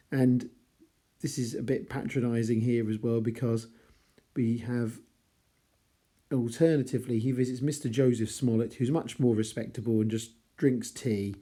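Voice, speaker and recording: A man's voice: medium pitch, warm tone. A man teaching a novel chapter by chapter in a conversational, wry way with chatty asides. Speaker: literature teacher. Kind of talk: casual chapter-by-chapter novel analysis.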